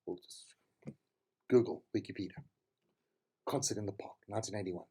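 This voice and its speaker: A man's voice: on the low side, normal speed, vocal fry, warm tone, husky. A middle-aged man with a South African accent, telling rambling, tangential stories as a podcast host. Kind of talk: casual monologue.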